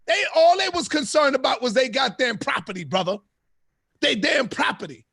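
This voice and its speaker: A man hosting a live-stream debate, loud, profane and preaching. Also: very high-pitched, expressive, normal speed, creaky, husky, no echo, clean studio sound. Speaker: host.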